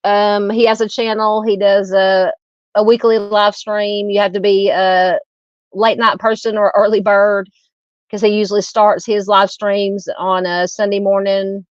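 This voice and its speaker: A woman's voice: mid-range voice, level tone, a little slow, no room sound, lo-fi sound. Chatty Southern woman live-streaming. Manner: chatty, many fillers and restarts. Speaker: true crime channel host. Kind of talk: casual live stream chat reading comments.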